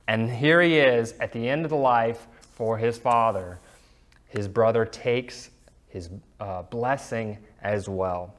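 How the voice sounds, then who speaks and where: A man's voice: medium pitch, takes it slowly. Casual male Sunday school teacher. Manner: relaxed and chatty, with fillers and asides. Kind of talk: casual Bible lesson with reading aloud.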